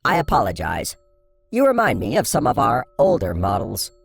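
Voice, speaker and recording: Male narrator doing a chatty silver robot for an audiobook, gravelly, husky, swings all over in pitch. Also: wildly swooping pitch, moderate pace, soft background music, full character voice. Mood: playful. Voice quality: light digital voice. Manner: light-hearted, playful. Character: friendly sassy silver alien robot, male. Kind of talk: audiobook character voice.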